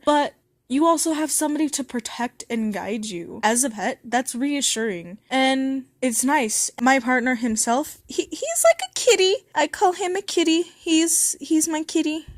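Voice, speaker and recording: A woman's voice: high-pitched, dry recording. Young female vlogger, candid and giggly, rambling chat, dry recording. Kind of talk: casual chat.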